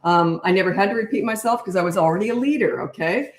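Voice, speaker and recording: A woman's voice: mid-range voice, fast. An older woman, a parenting coach, chatting bluntly and casually through a live Q&A where she reads out viewer questions. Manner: chatty and blunt, laughs at her own stories. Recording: echoey room.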